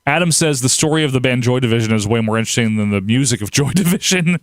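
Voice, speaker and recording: A man's voice: medium pitch, fast talker, dry recording. A man, hosting a casual livestream, reading viewer comments and rambling with frequent laughs. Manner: rambling, laughs often, animated outbursts. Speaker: livestream host.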